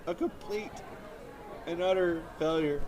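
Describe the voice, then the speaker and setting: A man's voice: a little high, unhurried. A man performing a self-pitying stand-up comedy monologue on stage before a live audience. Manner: whiny, self-pitying storytelling. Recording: audience laughter and background noise.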